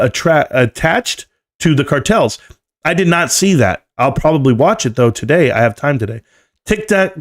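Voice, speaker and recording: A man in his forties hosting a casual live stream, reading viewer comments aloud in a loose, joking, slangy way. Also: a little high. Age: 40s. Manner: loose and joking, slangy, often says "bro".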